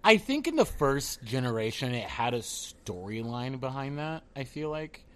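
A man's voice: medium pitch, very animated, moderate pace, a bit bright. A man in casual chat who rambles, laughs and swears as he talks over a cartoon series.

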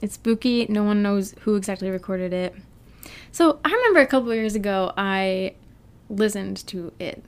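A woman with a smooth, mid-range voice hosts a chatty podcast at a moderate pace. She reads a transcript aloud in a casual, animated way and laughs often as she goes.

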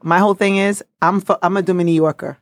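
A woman from New City, co-hosting a podcast in casual chat, animated and joking, cursing freely. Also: lowish voice, fast talker, no echo, studio quality. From New York City, by way of the Dominican Republic. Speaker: podcast co-host.

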